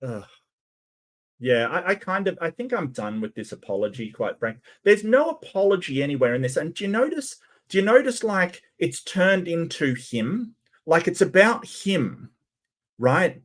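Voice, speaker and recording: A man's voice: fairly high pitch, very animated, normal speed. A man doing sarcastic, incredulous commentary as host of his channel. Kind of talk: mocking commentary on clips.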